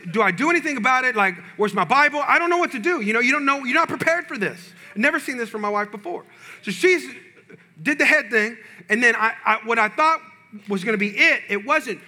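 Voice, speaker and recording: A male pastor preaching a sermon, telling a personal story with animated, humorous delivery to his congregation. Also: high voice.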